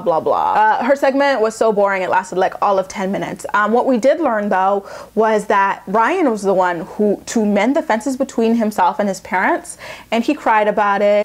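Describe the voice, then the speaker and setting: A young woman vlogger giving a sassy, opinionated, chatty recap in a casual style. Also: mid-range voice.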